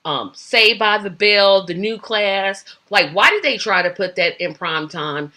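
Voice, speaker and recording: A woman's voice: mid-range voice, lively intonation, a little slow, sharp tone. A woman hosting a casual solo chat, rambling through her thoughts with many fillers and restarts. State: back hurting, shifting in seat. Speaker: host. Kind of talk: casual solo chat about old TV shows.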